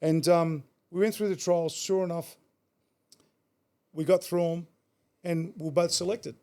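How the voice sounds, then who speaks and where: A man's voice: on the high side, steady tone, measured pace, a little mellow, clear, resonant tone. A middle-aged Australian man telling road stories in a casual chat, blunt and swearing freely. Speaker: guest. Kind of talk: casual storytelling.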